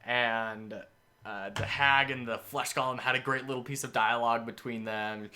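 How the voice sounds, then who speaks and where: A man's voice: medium pitch, steady tone, moderate pace, pushed and bright. A man in casual game-prep talk, describing a scenario as game master with enthusiastic, rambling storytelling.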